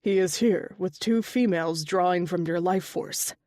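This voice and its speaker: A steady, measured panther shifter speaks gently and evenly, as a woman narrator voices him. His lines are calm and plain in a dry storybook reading. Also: on the low side, no room sound, natural voice. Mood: gentle.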